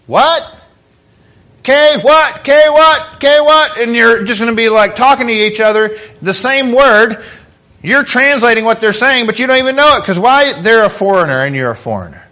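A man's voice: sits high, animated, moderate pace, sharp tone. A man preaching a sermon as pastor, in a conversational way, asking the congregation questions.

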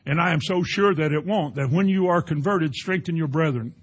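Preacher doing a calm teacher, husky, soft, unhurried, reassuring. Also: male voice, on the high side. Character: calm male teacher reassuring his follower.

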